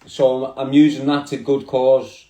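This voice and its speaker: Talking through his phone to livestream viewers, a Liverpool man rambles casually in street slang. His mid-range voice is warm, monotone, and unhurried, and the room has an echo.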